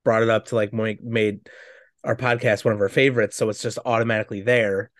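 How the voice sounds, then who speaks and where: A man's voice: fairly low pitch, steady tone, fairly quick, no echo. Young guy from upstate new york cohosting, laid-back and chuckly, dry close mic. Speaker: podcast co-host. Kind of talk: casual chat.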